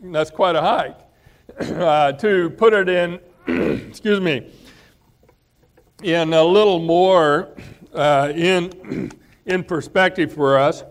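A man preaching a relaxed, conversational sermon, often pausing and clearing his throat. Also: fairly high pitch. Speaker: pastor.

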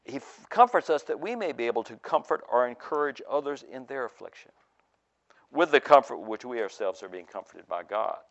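A man's voice: mid-range voice, animated, brisk, a bit bright, lo-fi sound. A man preaching a sermon, emphatic, with many fillers and restarts.

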